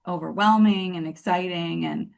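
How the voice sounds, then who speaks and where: A woman in her thirties guesting on a podcast, telling her story in a rambling, earnest way full of fillers and restarts. Her voice sits on the low side for a woman. She speaks casually and sincerely about being grateful to her coach. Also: normal speed, vocal fry. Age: 30s.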